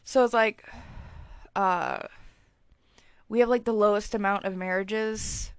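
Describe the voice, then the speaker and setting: A young woman in her twenties hosting a casual solo podcast, chatty and swearing freely, with her loudness swinging up and down as she talks. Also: mid-range voice, steady tone, slow pace, clean tone, no room sound, studio quality. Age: 20s. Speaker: podcast host.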